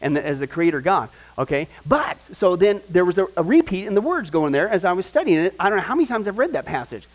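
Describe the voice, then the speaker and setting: Animated high-voiced man teaching Bible class. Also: fast talker, hardly any pauses, low-quality recording. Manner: animated, asks the class questions often.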